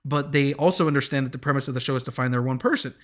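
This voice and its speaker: A man's voice: mid-range voice, rapid-fire, fairly bright tone. Rambling young man recapping a show. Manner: rambling, many "like"s, stammering restarts. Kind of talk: casual reality-show recap.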